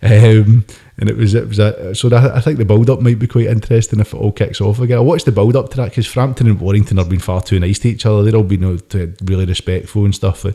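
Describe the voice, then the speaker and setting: Podcast co-host: man, lowish dark voice, heated sweary rants. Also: quick pace, hardly any pauses. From United Kingdom. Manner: sweary, ranting, animated. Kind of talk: casual boxing chat.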